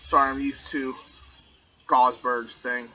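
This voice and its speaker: A man chatting casually as a player in a tabletop game, chatty and excitable. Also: medium pitch, slow. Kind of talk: casual tabletop gaming chat. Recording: lo-fi recording with clear hiss.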